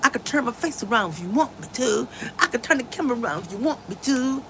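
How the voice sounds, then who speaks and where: A woman's voice: on the high side, animated, fast talker, sharp tone, slight background noise, low-quality recording. A woman hosting a casual livestream from home, talking emphatically and a little preachy about faith and her friends, on a phone mic. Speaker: livestream host.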